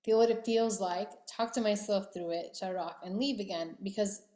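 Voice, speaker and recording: A woman's voice: medium pitch, normal speed, warm tone. Reflective woman, roomy sound. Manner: candid, musing, emotional. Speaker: podcast host. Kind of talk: reflective personal podcast talk.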